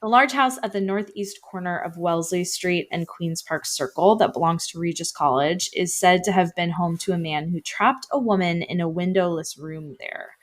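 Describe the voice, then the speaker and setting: Woman on a podcast, kinda low voice, slight lisp, stumbles a bit reading ghost stories. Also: moderate pace, hardly any pauses. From Canada. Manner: slight lisp from new retainers, stumbles over words. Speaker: podcast co-host. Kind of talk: casual chat, reading ghost stories from an article.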